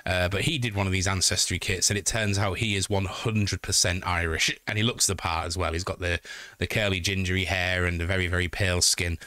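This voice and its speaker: A jokey, foul-mouthed Yorkshire man chats on a live stream and reads out messages from his viewers. His voice sits fairly low, with a bright, forceful edge. The sound is close and dry. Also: no echo. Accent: Yorkshire (Hull). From Yorkshire, England. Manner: joking, sweary, chatty. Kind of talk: casual live-stream chat, reading chat aloud.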